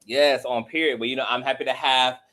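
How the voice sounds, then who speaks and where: A man hosting a casual panel chat on a video call, sassy and animated, with his voice leaping up when he gets excited. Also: mid-range voice, fairly quick. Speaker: host.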